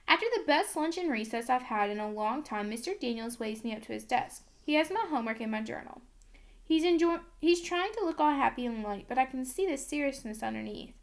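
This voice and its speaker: A woman's voice: sits high, animated, fairly quick. A woman narrating a novel in first person, in a plain, earnest storytelling way. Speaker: audiobook reader.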